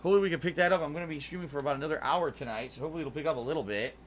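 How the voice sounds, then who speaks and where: A man's voice: on the high side, racing, slight background noise. A man casually chatting on a gaming livestream, rambling and musing aloud with some swearing, yawny tonight. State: yawny, sleepy. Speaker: streamer.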